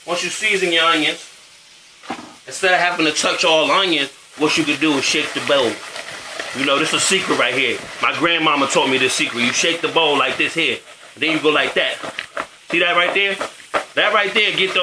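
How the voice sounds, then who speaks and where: A man's voice: fairly high pitch, reverberant, noisy background. A man hosting a casual cooking show, chatting in slang while he cooks and often asking if you know what he's saying. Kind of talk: casual cooking demo chat. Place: home kitchen with food frying.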